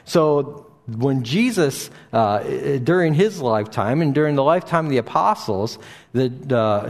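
A man teaching from the Bible in an explanatory way, often pausing and restarting his sentences. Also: medium pitch. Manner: explanatory, with frequent fillers and restarts. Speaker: preacher. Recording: long reverb in a hall.

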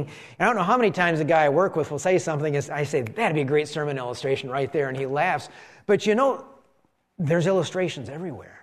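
Man, middle-aged pastor, fairly high voice, relaxed conversational sermon, slows on key lines. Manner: conversational preaching, slows for emphasis, leads congregation in repeating.

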